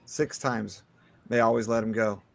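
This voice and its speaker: A man's voice: on the low side, normal speed, gravelly. A man in casual chat, telling a story with lots of swearing and acting out what people said. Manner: profane, animated, acts out quotes.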